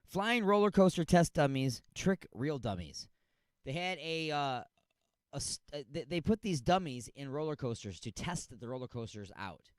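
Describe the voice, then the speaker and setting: A man's voice: a little high, expressive, moderate pace, no room sound. A man hosting a radio show, giving a sarcastic, rambling comic rundown of odd news stories. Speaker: radio host.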